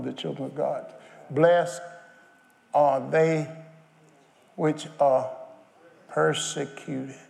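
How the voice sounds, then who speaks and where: A man's voice: a little high, gravelly, warm tone. A man preaching a sermon, firing questions at his congregation. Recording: long hall reverb.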